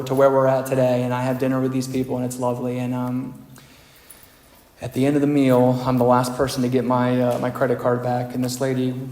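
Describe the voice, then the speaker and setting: Male speaker, mid pitch, fairly monotone, candid and wry, recorded from a reverberant meeting hall. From United States. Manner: candid, self-deprecating, conversational. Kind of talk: personal recovery talk. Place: meeting room.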